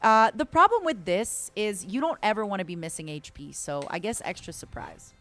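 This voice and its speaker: Playful woman streamer, lively voice. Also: mid-range voice, moderate pace. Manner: playful, calls viewers honey and darling. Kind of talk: casual gameplay commentary.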